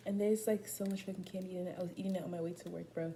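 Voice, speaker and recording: Young woman, casual profane vlog chat, warm low voice, faint background hiss. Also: rapid-fire, few pauses. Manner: profane, animated storytelling with slangy asides. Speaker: vlogger.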